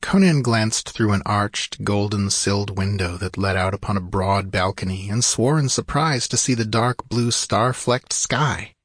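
Husky low male storyteller. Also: no room sound, clean studio sound. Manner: steady, measured storytelling. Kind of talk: scripted narration of a fantasy story.

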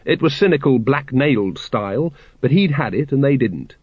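A man narrating a story aloud in a wry, expressive way. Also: medium pitch, normal speed, slightly rough, no room sound, muffled recording. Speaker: audiobook narrator.

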